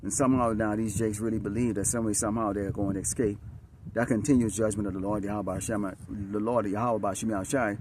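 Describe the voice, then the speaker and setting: A man's voice: lowish voice, steady tone, fast talker, noisy background. A man preaching an outdoor sermon, emphatic and repetitive, often checking in with the listeners with short questions. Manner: emphatic, repetitive, peppered with "Huh?" and "All right?". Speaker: street preacher. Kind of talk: outdoor sermon with scripture reading. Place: outdoors, dusty and slightly windy.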